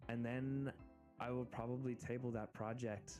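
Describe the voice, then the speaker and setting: An American man streaming, chatting casually and excitedly in rambling asides. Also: medium pitch, normal speed, faint music behind. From United States. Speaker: VTuber streamer. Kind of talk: casual live-stream chat.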